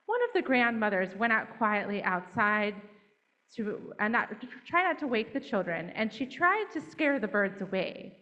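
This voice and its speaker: A woman telling a children's fable in a gentle, interactive way, drawing the children in to join. Her voice is fairly high, and the recording is dull and lo-fi. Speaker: church storyteller. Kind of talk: storytelling to children.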